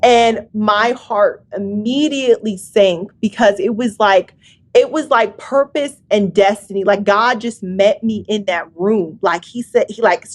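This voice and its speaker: A young woman telling an emotional personal testimony as a guest, often filling with "like". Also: a little high. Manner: emotional, many fillers like "like".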